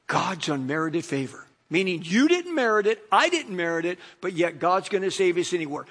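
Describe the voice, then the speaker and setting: High-voiced pastor preaching conversationally. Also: male voice, fairly bright tone, slightly rough. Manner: conversational, frequent "you know" fillers. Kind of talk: sermon. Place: church in Los Angeles.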